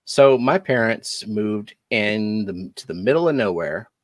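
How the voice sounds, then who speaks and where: A man's voice: fairly low pitch, lively intonation, a little slow, no room sound. A man hosting a casual live stream chat, talking in a dry, wry, complaining way. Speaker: livestream host.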